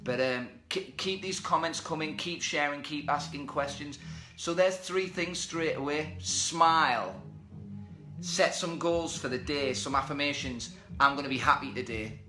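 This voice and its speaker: A man's voice: a little high, a little slow, pushed and bright, reverberant, soft background music. A man hosting a motivational live stream from home, talking energetically and reading out viewer comments. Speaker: host. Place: indoors at home. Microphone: webcam or phone.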